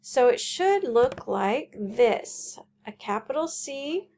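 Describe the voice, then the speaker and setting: A woman teacher explaining a homework sheet in a slow, careful way, walking through examples. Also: fairly high pitch, lively intonation, darkish tone.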